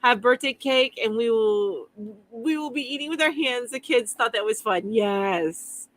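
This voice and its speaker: Woman host of a casual live stream; rambling, laughing, reads out comments; bright voice, slightly high. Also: lively intonation, unhurried. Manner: chatty, rambling, laughs easily. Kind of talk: casual live chat reading viewer comments.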